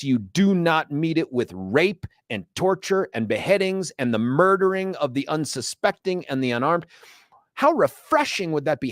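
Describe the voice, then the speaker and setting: A man with a fairly high voice hosts a talk radio show on a studio microphone, with no echo. He delivers an opinionated, sarcastic monologue and mocks others in put-on voices.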